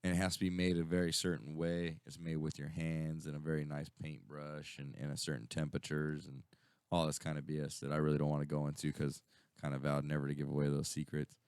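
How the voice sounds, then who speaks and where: A man's voice: rumbling low, flat delivery, quick pace, darkish tone, clear, resonant tone, no echo, studio quality. A man co-hosting a casual radio chat, rambling and swearing, full of fillers and restarts. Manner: rambling, profane storytelling with many fillers. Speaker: radio show co-host.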